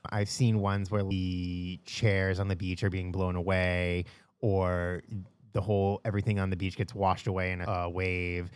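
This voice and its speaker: Low-voiced rambling podcast co-host. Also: male voice, level tone, a little slow, clean tone, no echo. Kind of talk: casual podcast chat.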